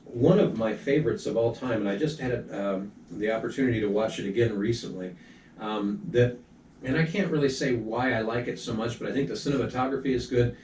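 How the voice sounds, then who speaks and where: A man co-hosting a casual movie talk show, rambling in a relaxed way with ums and restarts. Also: medium pitch, brisk. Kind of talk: casual chat about movies. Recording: echoey room, far from the mic, faint background noise.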